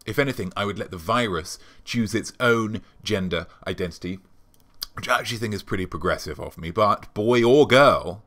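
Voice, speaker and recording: Bright-toned man rambling comically. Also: on the low side, moderate pace. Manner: rambling, deadpan, with many filler ums. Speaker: show host. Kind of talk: comic monologue.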